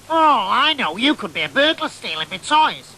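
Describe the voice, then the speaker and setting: Frank Sidebottom, a squeaky nasal oddball. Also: male voice, big pitch swings, moderate pace, bright, forceful tone, a little hiss or hum, exaggerated voice, rough recording. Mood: excited. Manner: nasal, chatty, keeps asking "right?". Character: excitable boyish man telling tall tales. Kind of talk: comic monologue storytelling.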